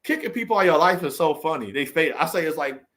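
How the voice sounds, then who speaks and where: Earnest preachy man, fairly high voice. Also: expressive, quick pace, a bit bright. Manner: earnest and preachy, rambling with many restarts and repeated phrases; emphatic rhetorical questions, swinging between raised and subdued delivery. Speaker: vlogger giving a motivational talk. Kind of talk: unscripted heartfelt monologue to camera.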